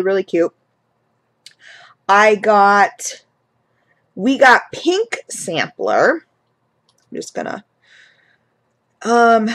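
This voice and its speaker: A woman with a medium-pitched voice reviews a haul of candle products for her vlog. She rambles chattily, full of fillers and restarts.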